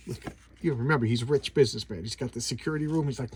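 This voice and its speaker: A man talking through a comic issue in a loose, rambling way, stumbling over restarts and fillers. His voice sits at an ordinary middle pitch with a husky, slightly rough edge. He chuckles now and then as he retells the scenes. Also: quick pace, darkish tone. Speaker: comic book reviewer. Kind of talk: casual comic book review.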